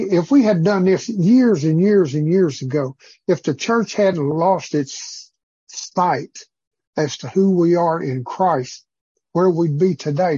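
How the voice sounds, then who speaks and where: A man's voice: a little high, mellow, husky, dry recording, dull audio. A man leading an informal church group, teaching in a rambling, preacherly way with many fillers. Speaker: group leader.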